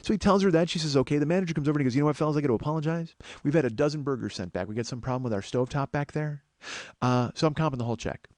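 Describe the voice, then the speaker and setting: A man's voice: on the high side, rapid-fire, a little mellow, no room sound. A middle-aged man, a comedian and podcast host, telling a story as an exasperated, swearing rant. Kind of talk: storytelling monologue.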